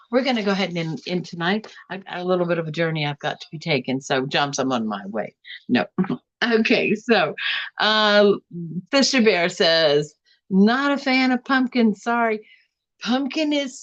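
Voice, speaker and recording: A woman hosting a casual live stream, chatting and reading out viewer comments, with a drawn-out, bouncy way of talking. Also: muffled recording. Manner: chatty, drawn-out, swings up and down in pitch.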